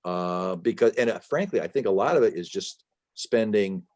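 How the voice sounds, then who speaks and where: Over a video call, a male author fields interview questions, talking at length and with emphasis while often restarting and using fillers. His voice is deep and somewhat dark, with lively intonation and a moderate pace.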